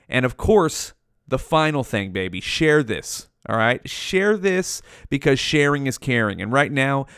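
Recorded at studio quality through headphones and a podcast mic, with a clean tone and no room sound, this young man's mid-range, fairly bright voice carries his solo home podcast. He rambles loosely, profane and slangy, with plenty of filler words.

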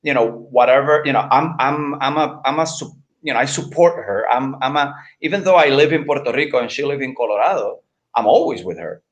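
A middle-aged man speaking as an interview guest, earnest and halting, often repeating words as he searches for them. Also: mid-range voice, muffled recording. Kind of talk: candid personal interview.

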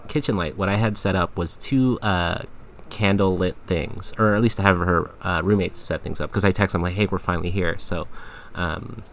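A deep-voiced man hosts a podcast, telling a story in a casual, rambling way packed with fillers. The chat is relaxed, with slight background noise behind him.

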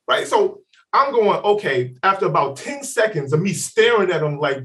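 A man's voice: high-pitched, moderate pace, recorded from a distance. A man co-hosting a podcast, telling a story in casual chat, swearing freely and acting out what people said. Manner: animated, profane, acts out quotes. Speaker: podcast co-host.

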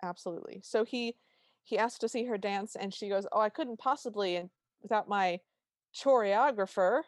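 A woman's voice: mid-range voice, normal speed, no echo, studio quality. Woman podcaster narrating a plot. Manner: narrates the plot in detail, quoting lines. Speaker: podcast co-host. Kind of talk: casual chat recapping a TV special.

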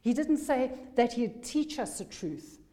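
A woman delivers a sermon in a mellow, warm voice. She is emphatic and hammers home key phrases through repetition. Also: fairly high pitch, big pitch swings, unhurried. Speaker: preacher.

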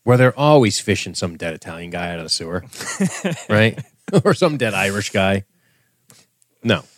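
Recapping a TV episode in casual chat, a male podcast co-host laughs frequently and swears freely. His low voice is animated and moves at a normal speed, captured in a clean studio recording with no room sound.

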